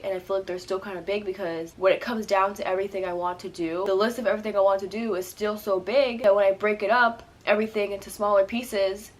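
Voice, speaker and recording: A woman in her early twenties, talking through a casual sit-down vlog rant into her camera at home, rambling and restarting her sentences, tearful and crying at times. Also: mid-range voice. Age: early 20s. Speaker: vlogger.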